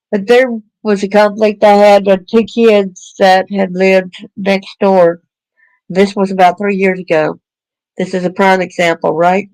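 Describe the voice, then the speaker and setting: A woman talks earnestly and plainly to other parents, her voice gravelly with a lot of vocal fry. The recording is dry and close. She pauses on fillers and restarts her sentences as she goes. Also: medium pitch, darkish tone, no echo, low-quality recording. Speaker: parent speaking on child protection. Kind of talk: personal talk to parents.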